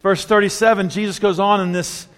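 A pastor preaching a sermon, animated and chuckling between points as he acts out quotes. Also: high-pitched, brisk. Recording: long hall reverb.

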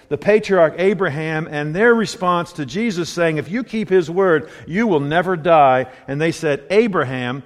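Man preaching in an echoing hall. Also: a little high. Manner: conversational preaching, rhetorical questions, wide swings from loud to hushed. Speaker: pastor. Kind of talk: sermon.

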